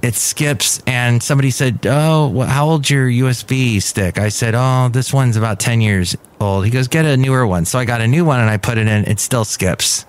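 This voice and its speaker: A man's voice: mid-range voice, a little fast, hardly any pauses, clean tone. A man hosting his own podcast in a chatty, rambling, self-mocking way. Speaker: podcast host. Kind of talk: casual chat.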